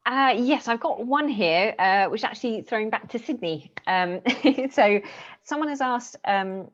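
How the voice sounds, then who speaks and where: A woman's voice: fairly high pitch, expressive, measured pace. Woman relaying questions on a dull lo-fi line. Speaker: question moderator. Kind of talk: reading out audience questions. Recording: dull lo-fi line with faint noise.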